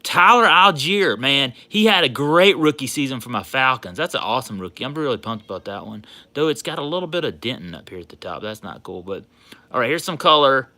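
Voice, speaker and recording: A man hosting a sports card livestream, chatting casually and getting loudly excited over his pulls. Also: medium pitch, a little fast. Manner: excitable, hollering and laughing over a big pull.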